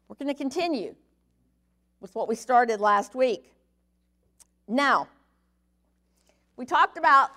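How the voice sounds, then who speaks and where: A woman's voice: on the high side, fairly bright tone. A middle-aged woman teaching a sermon-style Bible lesson, conversational, often checking in with her listeners. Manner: conversational teaching, frequent "okay?" check-ins.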